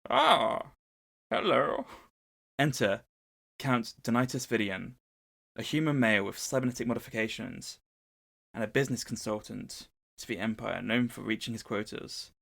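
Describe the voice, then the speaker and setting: A man's voice: fairly low pitch, a little fast, vocal fry, a bit bright. A man co-hosting a casual podcast, retelling a book's plot in an easygoing storytelling way. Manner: storytelling summary of a book plot. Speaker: podcast co-host.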